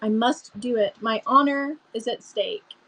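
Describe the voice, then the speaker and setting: A woman's voice: on the high side, a little slow, a bit bright, low-quality recording. A woman voicing an imaginative, dramatic young girl who speaks in solemn, earnest tones.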